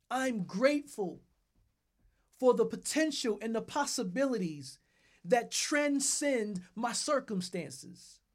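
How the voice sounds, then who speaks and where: A man preaching a sermon and leading his listeners through repeated phrases with strong emphasis on each word. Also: very high-pitched. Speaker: pastor.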